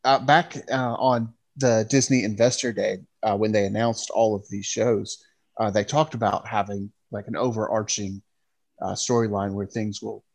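A man co-hosting a podcast, speaking in a measured way with many hesitations. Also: lowish voice, level tone, gravelly. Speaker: podcast co-host. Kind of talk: casual chat.

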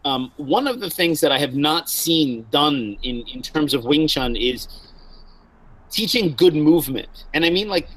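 A man who teaches Wing Chun, calmly explaining his ideas as a guest in a casual chat. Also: fairly high pitch, measured pace, low-quality recording.

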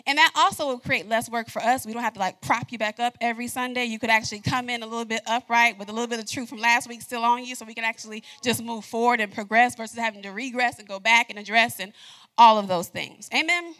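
A woman's voice: fairly high pitch, fast talker, a bit bright. A woman preaching a sermon, talking straight to the congregation and laughing often as she tells a personal story.

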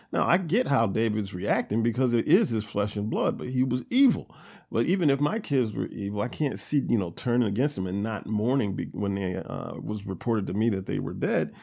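A man's voice: medium pitch, darkish tone. Casual male Bible podcast host. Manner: reads scripture aloud then comments conversationally with fillers. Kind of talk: casual Bible reading and commentary.

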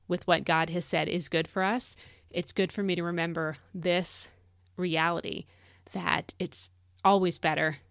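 A woman's voice: on the low side, dry recording. Chatty woman, dry close voice. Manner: chatty, conversational with many fillers. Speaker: podcast host. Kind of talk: devotional Bible talk.

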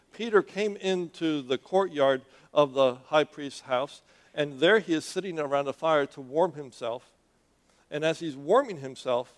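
A male preacher delivers a sermon in a church in a conversational, animated way. He questions his listeners directly as he tells the story. His voice sits somewhat high.

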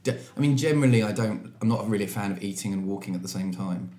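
A man co-hosting a podcast in casual chat, animated, playful and quick to laugh. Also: fairly low pitch. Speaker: podcast co-host. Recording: roomy echoey room.

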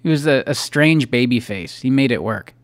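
A man's voice: mid-range voice, expressive, moderate pace. Joking podcast co-host, a man. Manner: jokey, rambling, swears casually. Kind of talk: casual chat.

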